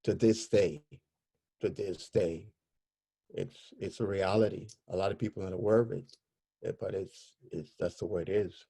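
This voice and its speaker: Low, mellow-voiced man telling his story. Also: steady tone, creaky, slightly rough. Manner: halting, searching for words, many fillers. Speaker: interview guest. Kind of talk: personal storytelling in an interview.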